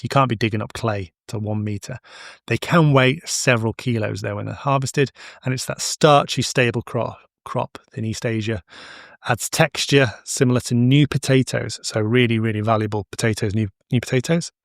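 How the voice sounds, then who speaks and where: A man's voice: medium pitch, normal speed, vocal fry, no echo, studio quality. A middle-aged man hosting a casual educational podcast, chatty and digressive with anecdotes. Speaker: podcast host, horticulture expert.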